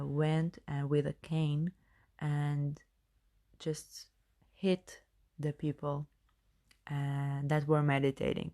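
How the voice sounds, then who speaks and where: A woman podcast host who is not a native English speaker talks through self-help advice. Her voice sits low and warm, and she takes her time, pausing on fillers and restarting her sentences as she searches for words. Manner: hesitant, many fillers and restarts. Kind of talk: casual self-help monologue.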